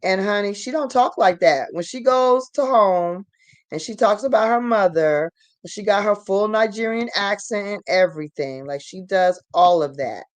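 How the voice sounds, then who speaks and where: A woman's voice: medium pitch, normal speed, hardly any pauses, dry recording. A woman co-hosting a commentary video, talking emphatically in a conversational way. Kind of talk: opinionated commentary.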